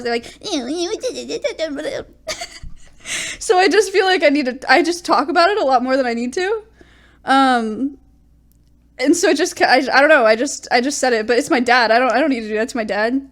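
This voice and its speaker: A woman's voice: high-pitched, expressive, moderate pace. A young woman streamer telling rambling, self-deprecating stories in a casual chat.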